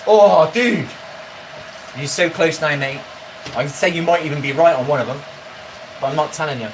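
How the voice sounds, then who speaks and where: A man's voice: on the high side, steady tone, fast, background noise. A man, chatting casually with viewers on a live stream, bantering and swearing now and then. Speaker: livestreamer reading chat.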